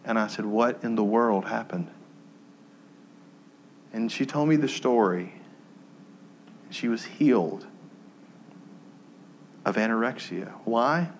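A male pastor preaching a sermon, telling a story that drops soft and low when he is moved, then rising into emphatic teaching. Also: takes it slowly, long pauses, slight background noise.

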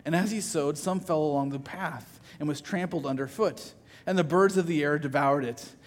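A man's voice: a little high, normal speed, big-room sound. A man preaching a sermon as pastor, conversational, often repeating words as he starts a phrase.

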